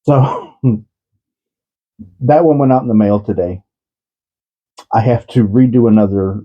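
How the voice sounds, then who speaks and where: A man's voice: mid-range voice, unhurried, lo-fi sound. A man talking casually about yarn and shipping on his vlog, giggly and often breaking into laughter. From United States. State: laughing to tears. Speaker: yarn vlogger. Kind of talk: casual chat.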